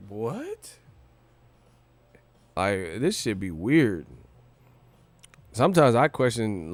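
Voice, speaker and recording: A young man talks into a close, dry mic on his boxing livestream. His voice sits at a middle pitch. He rants in a loose, joking way, swears constantly, and drifts into laughter and sing-song rhymes. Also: sing-song, takes it slowly, long pauses, no echo. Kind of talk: casual livestream rant.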